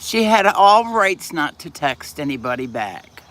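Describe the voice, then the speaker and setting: A man's voice: a little high, sing-song, measured pace, a bit bright. A man hosting a casual livestream, chatting and answering viewer comments aloud. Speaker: livestream host. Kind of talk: casual live chat.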